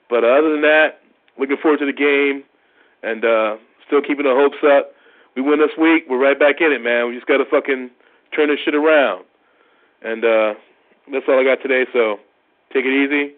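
A man's voice: mid-range voice, fairly even intonation, normal speed. A man leaving a profane, frustrated rant as a sports fan caller. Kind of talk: ranting sports fan message. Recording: tinny phone-like line.

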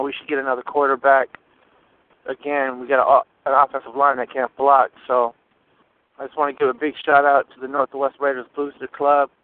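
A man calling a sports show, glum and swearing, with halting filler words. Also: mid-range voice, no room sound. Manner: glum, mumbling, profane. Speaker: caller. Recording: tinny phone line.

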